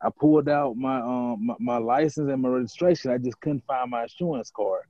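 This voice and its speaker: A man co-hosting a podcast, sharing a story in a measured, casual way. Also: mid-range voice, warm tone, dry recording. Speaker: podcast co-host. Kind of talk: casual conversation. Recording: dry, dull lo-fi podcast audio.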